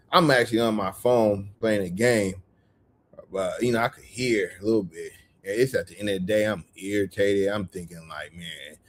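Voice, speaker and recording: Husky-voiced man telling a story. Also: deep voice. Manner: animated, laughs often, repeats phrases. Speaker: vlogger. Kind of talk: casual storytelling.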